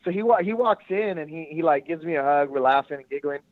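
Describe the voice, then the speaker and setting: A man's voice: a little high, fast talker, no room sound. Man calling in on a tinny phone line. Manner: laughing, profane, animated retelling. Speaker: guest, jiu-jitsu gym owner. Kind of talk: casual storytelling over the phone. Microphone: phone call.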